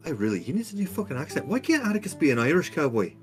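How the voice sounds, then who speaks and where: A man's voice: a little high, sing-song, racing, hardly any pauses, faint music behind. A man playing a tabletop role-playing game, chatting casually with crude, joking banter.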